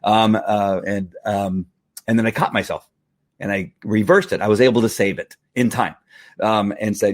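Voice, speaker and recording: In a fairly low voice with a steady tone, this man in his fifties speaks fairly quickly as host of a casual livestream. He's candid and rambling, full of fillers and restarts, and the recording is dry and studio quality.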